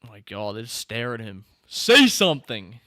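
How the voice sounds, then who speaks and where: A man hosting a live stream, chatting casually and reacting excitedly to the screen and his chat. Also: lowish voice, brisk, no room sound, studio quality. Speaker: streamer host.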